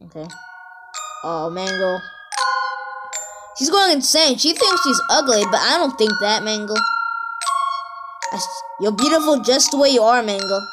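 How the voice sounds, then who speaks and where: A woman rambling excitedly through casual reaction commentary, talking straight to her viewers. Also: fairly high pitch, unhurried, long pauses. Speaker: reaction video host. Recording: music under the voice. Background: video music playing.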